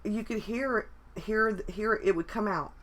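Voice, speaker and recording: A woman's voice: medium pitch, a little slow, a bit bright. A woman in a casual live chat, talking in a rambling way with many restarts and fillers. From United States. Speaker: vlogger.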